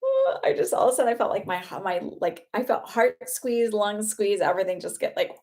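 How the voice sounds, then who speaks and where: A woman doing a live psychic medium reading, chatty and halting, with frequent fillers and laughter. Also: medium pitch, sing-song, darkish tone.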